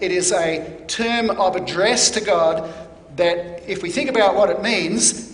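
A man preaching a sermon in a measured, deliberate teaching manner, stressing key words. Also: sits high, a bit bright. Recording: echoey hall.

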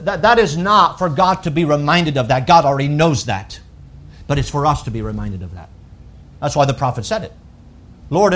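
A middle-aged pastor preaching in a loose, conversational way, often restarting his phrases. His voice sits notably high for a man. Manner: conversational preaching, paraphrasing scripture in plain speech, with verbal restarts. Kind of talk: sermon.

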